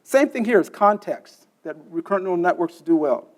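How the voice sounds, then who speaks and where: A man's voice: high voice, lively intonation, fairly quick. A man giving a conference lecture, explaining step by step, quizzing the audience and often checking in with "okay?". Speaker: conference speaker. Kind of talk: technical lecture. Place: conference session room.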